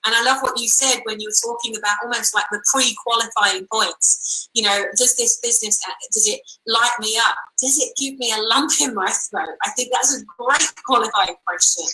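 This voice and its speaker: A woman's voice: fairly high pitch, sharp tone, roomy sound, low-quality recording. A woman hosting an interview, asking enthusiastic questions and using fillers now and then. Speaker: interview host. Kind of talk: conversational interview.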